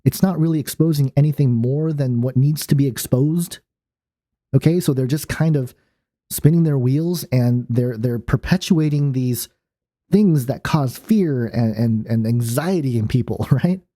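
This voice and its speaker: A man's voice: medium pitch, a little slow, mellow. A man hosting his own channel, talking in a loose, rambling monologue full of fillers and restarts. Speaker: channel host. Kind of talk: casual monologue.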